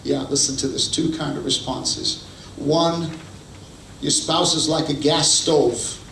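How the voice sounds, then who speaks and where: A man's voice: on the high side, steady tone, slow, creaky, fairly bright tone. A man preaching a sermon, telling stories and acting out the quoted lines. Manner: storytelling, acts out quotes. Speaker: pastor. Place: church hall. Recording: echoey hall, distant mic, faint noise.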